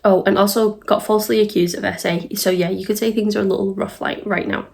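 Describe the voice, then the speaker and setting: A woman's voice: mid-range voice, steady tone, fast talker, vocal fry, a little mellow, slight background noise. A young woman from the UK giving a casual commentary vlog, chatty and exasperated, with many ums and nervous laughs. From United Kingdom. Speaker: YouTube commentator.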